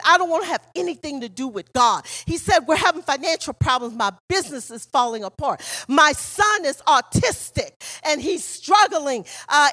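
A middle-aged woman preaching in a church with a very high voice. She tells stories and often rises into passionate shouting. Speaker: guest preacher. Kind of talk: sermon. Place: church sanctuary.

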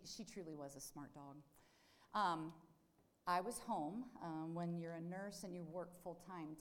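A woman, a nurse, giving a devotional talk, telling a story and asking her listeners questions. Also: lowish voice. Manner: animated storyteller who asks the audience questions. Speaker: nurse speaking to a group.

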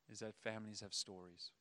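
A man preaching a sermon, animated, acting out the voices of the people in his stories. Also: on the low side, slight background noise. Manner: animated, acts out quoted voices. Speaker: pastor.

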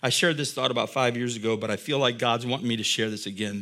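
A man's voice: medium pitch, steady tone, fast, hardly any pauses, bright, forceful tone. A middle-aged man preaching a sermon, reading scripture aloud and then explaining it in a conversational way. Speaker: pastor.

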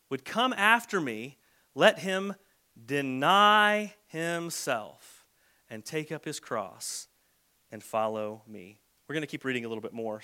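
A man preaching a sermon in a relaxed, conversational way, now and then acting out the people he quotes. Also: on the high side. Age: adult with a son. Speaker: pastor.

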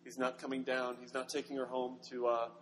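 A man's voice: mid-range voice, monotone, fairly quick. A male pastor preaching a sermon, dramatizing a story as he tells it. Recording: long hall reverb, faint noise.

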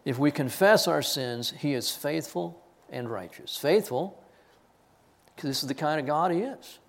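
Male pastor with a high voice, giving a lively sermon with stories and laughter. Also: unhurried, gravelly. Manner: animated storytelling with laughs and quoted voices.

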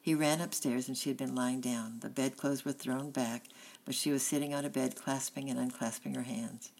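Woman, audiobook reader, storybook narration, very low voice, gravelly, steady. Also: normal speed, low-quality recording. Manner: steady, plain reading.

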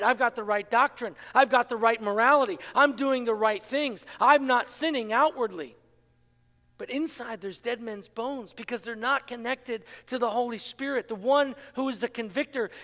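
A man delivers an impassioned sermon in a strikingly high voice. His tone is bright and forceful, and it rings out with a long reverb as if in a large church hall. He leans on rhetorical questions and pokes fun at himself. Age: adult, married. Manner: self-mocking humor with laughter. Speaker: pastor.

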